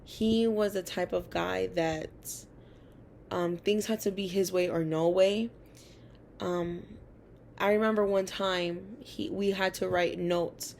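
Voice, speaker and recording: A woman's voice: on the low side, gravelly, a little hiss or hum. A young adult woman and college student telling personal school stories in a chatty way, full of fillers. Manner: chatty, many fillers, animated quoting of others. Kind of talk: casual personal storytelling.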